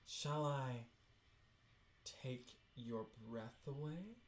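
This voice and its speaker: A man's voice: medium pitch, very slow, slight background noise. A man reading out a theatrical stage performer who greets a distinguished guest in grand style. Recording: roomy echo.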